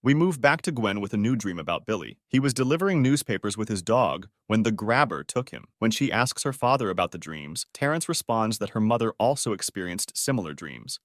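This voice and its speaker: Low-voiced man narrating a recap. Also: very animated, a little fast, few pauses, no echo, clean studio sound. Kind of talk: scripted narration.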